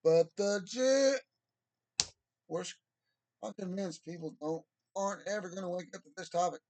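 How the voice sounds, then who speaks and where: Gravelly man rambling casually. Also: high-pitched, steady tone, a little fast, darkish tone, dry recording. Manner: rambling, profane, drawling. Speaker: vlogger.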